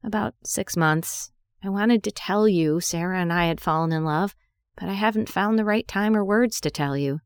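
A woman's voice: on the low side, normal speed, clean tone, dry recording, studio quality, natural voice. Woman reading as a guilty, pleading best friend. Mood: ashamed. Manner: hesitant, pleading.

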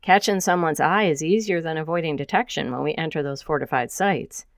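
A woman's voice: deep voice, fairly quick, no room sound, clean studio sound. A woman voicing an affectionate, joking middle-aged mother who is a hacker. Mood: teasing.

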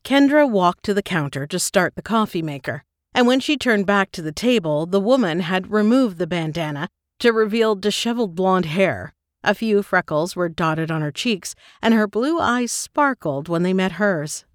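A woman reading scripted narration in a measured, descriptive way. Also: mid-range voice, lively intonation, no echo, studio quality. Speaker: audiobook narrator.

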